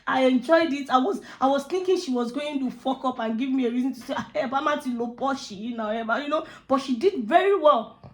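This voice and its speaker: A Nigerian woman talks through a film review in a casual, heartfelt way. Her voice sits high, and she gushes with praise, often circling back over her own words. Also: expressive, fairly quick. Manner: effusive, heartfelt, repeats words. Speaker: movie reviewer. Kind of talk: casual spoken movie review.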